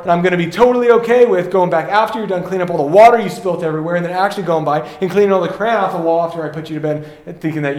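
A man's voice: high voice, roomy sound. A man in his thirties giving a casual, story-filled sermon as a pastor and acting out the quotes.

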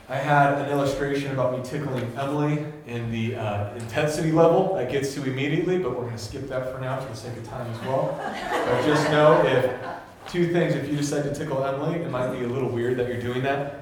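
A young man giving a casual sermon, animated and laughing, acting out voices in his stories. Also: mid-range voice, slight background noise. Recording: very echoey room with faint ambience.

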